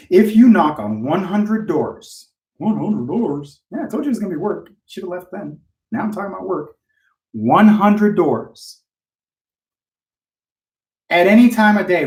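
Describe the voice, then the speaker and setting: A man's voice: high voice, reverberant, recorded from a distance. Blunt, profane man coaching live. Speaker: real estate sales coach. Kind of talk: live-streamed training talk.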